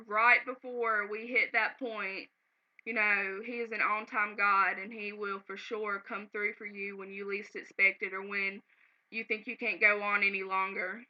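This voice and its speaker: A woman telling a personal story to her camera at home, earnest and sometimes close to tears. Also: mid-range voice. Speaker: vlogger. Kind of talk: casual emotional storytelling to camera. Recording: slightly dull, lo-fi home video.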